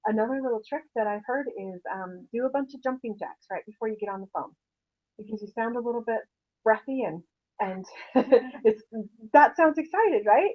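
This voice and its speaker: A woman leading a motivational sales meeting, upbeat and animated, asking the room questions and laughing often. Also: on the high side. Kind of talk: motivational sales talk to a group. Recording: tinny phone-like sound.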